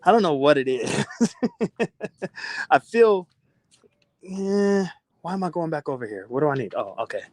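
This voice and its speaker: A man's voice: a little high, animated, normal speed, pauses often, no room sound, clean studio sound. A middle-aged man casually chatting on a phone live stream while walking around his house, loose and profane, laughing often.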